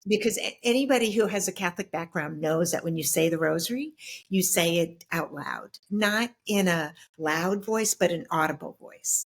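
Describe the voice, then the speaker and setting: Reflective and halting, a middle-aged interview guest tells her own story, often restarting and using many fillers. Her voice is on the low side and slightly rough.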